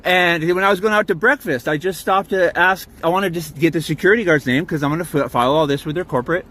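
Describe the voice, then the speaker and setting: A man's voice: on the high side, fast, fairly bright tone. A man filming on his phone from inside his truck, recounting a dispute in a heated, profane and rambling way, then arguing with officers. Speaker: campground guest filming a confrontation. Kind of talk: agitated first-person recounting and confrontation. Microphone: phone camera.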